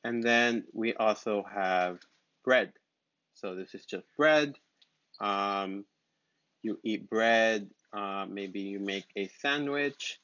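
A man teaching basic English vocabulary, speaking slowly with simple words and repeating each word patiently. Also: on the low side, fairly bright tone, no echo. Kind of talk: slow, simple vocabulary lesson. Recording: dull, lo-fi sound.

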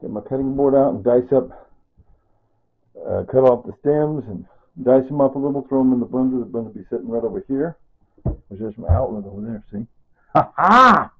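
An older man vlogging casually at home, excitedly showing his tomato plants and repeating exclamations, filmed on a camera held close. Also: mid-range voice, normal speed, pauses often, dry recording. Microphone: phone camera held close. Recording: dry tinny phone-like audio.

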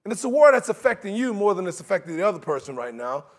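A man preaching a sermon in a conversational, animated way, acting out quotes and laughing along with his points. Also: high-pitched, fast talker.

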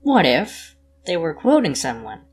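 A slow, measured commentator cuts in with terse, deadpan rebuttals. The delivery stays even and unhurried, with the dry tone of someone correcting the record. A faint hum sits under the voice. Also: medium pitch. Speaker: reaction commentator.

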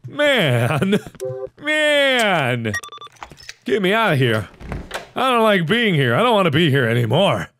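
A young man giving commentary on a horror game, drifting between low mutters and sudden yells. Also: very animated, moderate pace, slight background noise. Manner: jumpy, swings from mutters to yells. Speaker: gaming video host.

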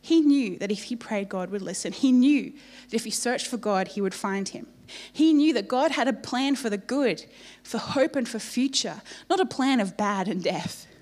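A woman preaching in a slightly high voice, with a lively storytelling delivery. She drops playful asides to the congregation as she tells the story. Her delivery is a church sermon. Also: moderate pace, few pauses.

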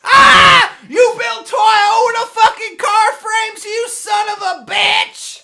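A man putting on a furious redneck voice as a prank in online game chat, shouting, stammering with rage and hurling insults. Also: very high-pitched, lively intonation, normal speed, very noisy, heavily acted. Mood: enraged. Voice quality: gravelly, shouting. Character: furious loudmouth redneck man, patriotic ranter.

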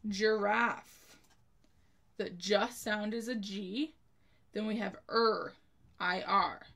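Her voice is mid-range and fairly even, with vocal fry and a pushed, bright quality as she slowly leads a children's spelling lesson. She carefully spells every word one letter at a time and follows each with a sentence using it.

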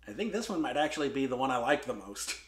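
A man's voice: mid-range voice, sing-song, fast. A man hosting a movie review show, talking casually with many fillers and restarts. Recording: roomy room.

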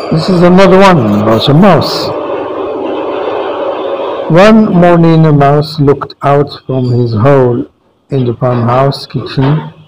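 Brief: a male storyteller, unhurried, midrange voice, reading a moral tale with asides. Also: medium pitch, a little mellow, slight background noise, low-quality recording. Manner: deliberate, with small restarts. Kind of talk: reading a fable aloud with commentary.

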